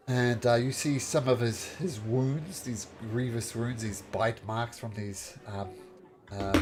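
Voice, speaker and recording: A man narrating a tabletop game as game master, halting often and filling gaps with "uh". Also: mid-range voice. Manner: halting, full of fillers.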